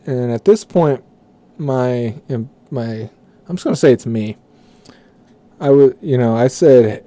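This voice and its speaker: A man with a mellow, medium-pitched voice tells a profane story about work in a casual way, speaking a little slowly. He rambles, swears, and corrects himself as he goes.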